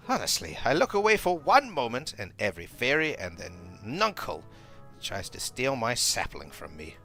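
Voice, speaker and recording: A man's voice: mid-range voice, huge pitch swings, normal speed, bright, forceful tone, soft background music, exaggerated voice. A man voicing a playful, possessive fairy ruler in a sing-song, faintly posh reading voice while he plays a game. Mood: jealous. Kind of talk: reading game dialogue aloud.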